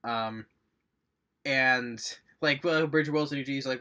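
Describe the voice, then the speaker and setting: A man's voice: medium pitch, steady tone, a little slow, bright, forceful tone. A man giving a casual, rambling movie review, recapping scenes with enthusiasm and little chuckles.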